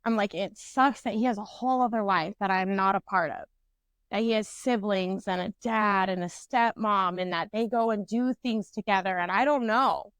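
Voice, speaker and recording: A young adult woman co-hosting a podcast, telling a story in a casual, profane, animated way. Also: mid-range voice, moderate pace, clear, resonant tone, no echo. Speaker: podcast co-host.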